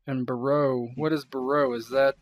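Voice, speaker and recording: A man's voice: mid-range voice, level tone, normal speed, lightly acted. A man voicing a suspicious redcoat soldier who questions travellers in curt, probing lines. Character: suspicious male redcoat soldier checking papers.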